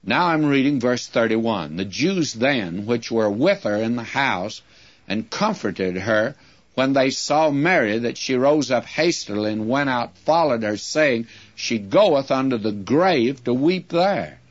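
A man's voice: medium pitch, lively intonation, measured pace, muffled recording. Earnest older man teaching scripture. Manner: folksy, earnest verse-by-verse exposition. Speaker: radio Bible teacher. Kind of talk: radio Bible teaching.

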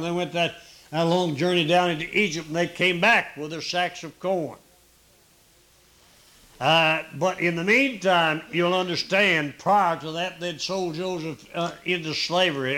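A man preaching a sermon in a folksy, unhurried way, pausing often with "uh" and repeating key points for emphasis. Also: a little high, sharp tone.

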